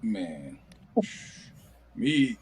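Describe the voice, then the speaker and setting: A man's voice: on the low side, very animated, very slow, darkish tone, husky. A man on a casual podcast who talks in a laid-back way and laughs at his own remarks.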